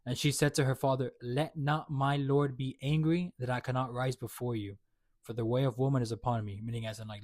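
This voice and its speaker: A man's voice: mid-range voice, steady tone, a little fast, a little mellow, no room sound. A man reading Bible verses aloud and then retelling them in loose, slangy everyday words, with many fillers and restarts. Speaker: host explaining a Bible chapter. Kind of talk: casual Bible reading with commentary.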